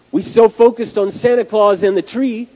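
Male pastor, high and very animated, emphatic storyteller, dull lo-fi recording. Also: slow pace. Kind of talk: sermon with storytelling.

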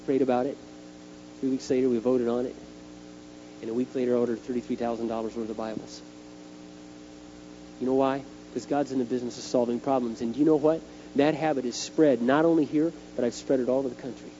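A middle-aged man preaching a sermon, telling stories in an animated way and acting out the scenes. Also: mid-range voice, quick pace, long pauses. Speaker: youth speaker. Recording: dull lo-fi tape with faint hum.

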